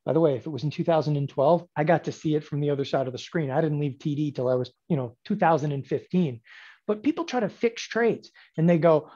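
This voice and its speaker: A man in his forties teaching options trading in a lecture, emphatic and sarcastic, with animated bursts. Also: on the high side, a little fast, dull audio. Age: 40s.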